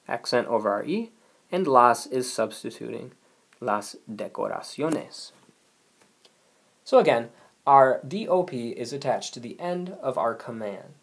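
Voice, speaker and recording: Male teacher, mid-pitched voice, patient explainer for a recorded video lesson. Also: expressive, a little slow. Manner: patient, explanatory, reads example sentences aloud. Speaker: language teacher.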